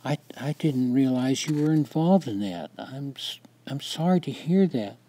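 A man voicing a gentle, concerned female teacher who speaks softly. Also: medium pitch, a little slow, breathy edge, pitched above the performer's own voice. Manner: soft, careful.

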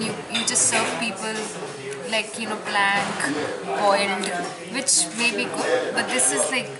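Woman gushing about her food, kinda far off, loud crowd chatter all around. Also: a little high. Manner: enthusiastic, rambling with restarts. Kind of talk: casual chat at a meal.

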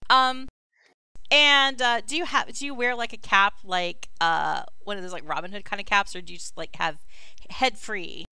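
A woman's voice: medium pitch, moderate pace, pushed and bright, clear, resonant tone, no room sound, low-quality recording. A woman running a tabletop fantasy game as dungeon master, narrating scenes in a chatty, descriptive way with frequent fillers.

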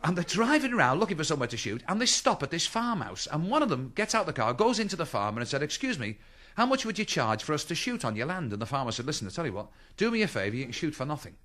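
A man's voice: fairly high pitch, fast. A middle-aged man doing stand-up, telling chatty anecdotes on stage and acting out the people in them. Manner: chatty anecdotes, acts out voices, lively. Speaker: stand-up comedian. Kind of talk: stand-up storytelling. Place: stage with live audience laughter.

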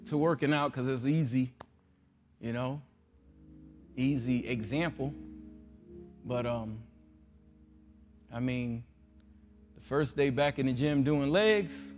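A man preaching a folksy, joking sermon as pastor, acting out voices and rising into loud prayer. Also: mid-range voice. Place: large church sanctuary.

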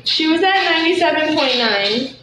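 A woman talks casually to her viewers, and her voice sits a little high. She chats and coos at her pregnant dog as she keeps checking its temperature. The phone recording is echoey, with loud background noise throughout. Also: expressive, normal speed. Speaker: livestreamer. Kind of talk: casual livestream chat.

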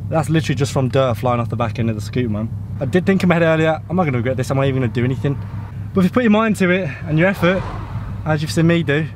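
A young man with a British accent, chatting excitedly as he vlogs at outdoor dirt jumps. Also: a little high, racing. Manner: excitable, chatty, exclaiming often. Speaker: vlogger. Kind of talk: casual vlog chat. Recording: outdoor noise, nearby traffic.

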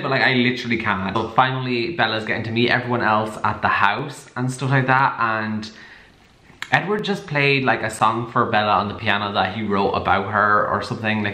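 A man's voice: lowish voice, bright, forceful tone. Chatty, sarcastic man in an echoey room. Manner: chatty, sarcastic, laughs often. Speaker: book vlogger. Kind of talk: casual reading vlog.

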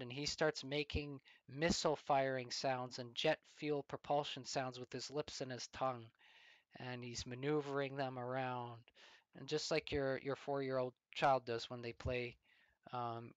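A man of middle pitch tells a long illustrative story as commentary. He speaks deliberately and leans on rhetorical questions. The sound is dry and close. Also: no echo, low-quality recording.

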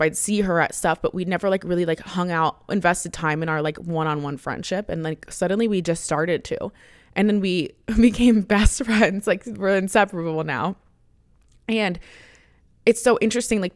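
A woman's voice: lowish voice, normal speed, no room sound, studio quality. A young woman in her twenties hosting a podcast, talking in a casual, chatty way, full of "like" and restarts, and sometimes getting emotional. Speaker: podcast host. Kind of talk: casual personal monologue.

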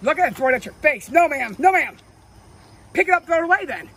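A sassy, breathless cranky mom. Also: male voice, very high-pitched, animated, brisk, bright, forceful tone, exaggerated voice. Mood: exasperated. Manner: sassy, scolding, exasperated. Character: cranky middle-aged mom, wheelchair user with prosthetic leg. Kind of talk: improvised comedy sketch. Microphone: phone camera held by son.

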